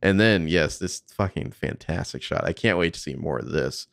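A man's voice: sits low, lively intonation, moderate pace, vocal fry, no echo, clean studio sound. A man casually commenting on behind-the-scenes footage, swearing freely and thinking aloud.

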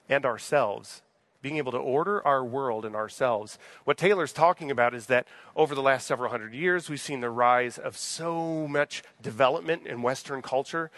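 A man's voice: medium pitch, a bit bright, dry recording. A man in his thirties, a pastor, giving an evening sermon in a conversational way, often asking the congregation questions. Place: church sanctuary.

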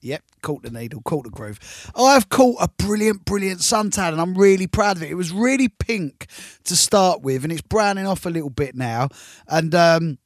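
A man's voice: on the high side, no echo, studio quality. A middle-aged man, chatting between records as a radio DJ, rambling and enthusiastic, repeating words for emphasis. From England.

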